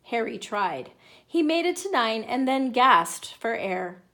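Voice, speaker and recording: A woman reads a children's picture book aloud with playful, animated expression. Her voice sits a little high and swings widely in pitch. She keeps the pace slow and easy to follow. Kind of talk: children's story read-aloud.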